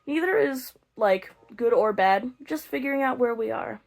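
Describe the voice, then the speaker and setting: In a casual instructional video, a young woman with a slightly high, creaky voice and lively intonation teaches beginner flute at normal speed. She goes through each step while making playful jokes at her own expense.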